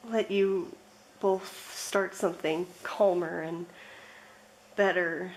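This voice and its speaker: A woman's voice: fairly low pitch, fairly even intonation, a little hiss or hum, rough recording. A woman giving a pick-a-card tarot reading, speaking in a reflective, emotional way. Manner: slow, emotional, reflective, with laughs. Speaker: tarot reader.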